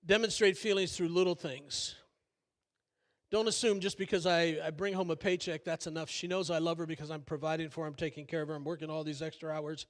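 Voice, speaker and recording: An older man preaches as a church pastor, with a voice that sits a little higher than most men's. He talks in a folksy, conversational way, full of fillers and joking asides at his own expense. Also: steady tone, a little fast. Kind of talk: sermon. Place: church sanctuary.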